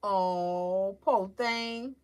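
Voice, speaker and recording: Her mid-range voice is a little mellow and clean, and she speaks extremely slowly. She hosts a casual livestream, greeting viewers by name and chatting with feeling.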